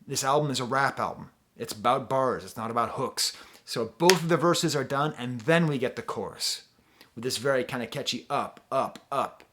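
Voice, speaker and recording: A man's voice: mid-range voice, animated, moderate pace, pushed and bright, a little hiss or hum. An American man talking casually as an album reviewer, enthusiastic and full of asides as he explains lyrics. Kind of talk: casual music review talk.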